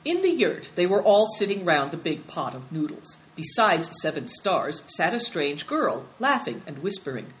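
Woman reading a story book, expressive, pitch goes up and down a lot. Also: moderate pace, hardly any pauses, poor audio. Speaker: narrator.

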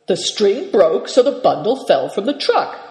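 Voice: mid-range voice, very animated, a little slow, darkish tone. A dry, skeptical young boy from a storybook, talking matter-of-factly, as the reader puts him on. The voice rings in a roomy space with a long tail. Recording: echoey room with long reverb.

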